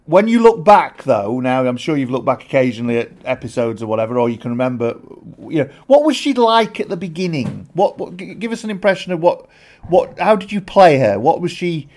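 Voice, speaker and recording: A man's voice: fairly high pitch, big pitch swings, brisk, a little mellow. A man interviewing a guest, asking rambling questions with restarts.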